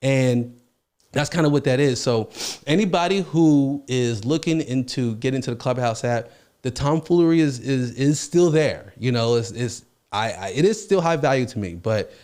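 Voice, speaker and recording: A man's voice: mid-range voice, normal speed. A man hosting a podcast, telling stories casually and acting out the quotes in them. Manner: animated, acts out quotes in his stories. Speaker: podcast host. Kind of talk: casual storytelling.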